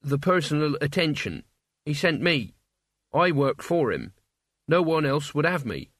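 A man's voice: on the high side, sing-song, unhurried, a bit bright, no room sound, clean studio sound, full character voice. A male audiobook reader voicing an anxious, awkward young man who stammers and pleads. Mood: flustered. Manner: flustered, stammering, plaintive.

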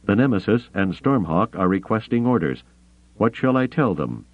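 A man's voice: fairly low pitch, big pitch swings, normal speed, dry recording, voice pushed up. A man voicing a military communications officer in an audiobook, speaking urgently and clipped. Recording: tinny phone-like audio.

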